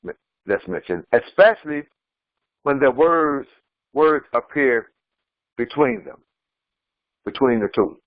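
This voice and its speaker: A man, an imam, giving a slow commentary on scripture and repeating and explaining Arabic terms. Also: mid-range voice, lively intonation, no room sound, muffled recording. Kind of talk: Quran commentary lesson. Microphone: screen-sharing lesson recording.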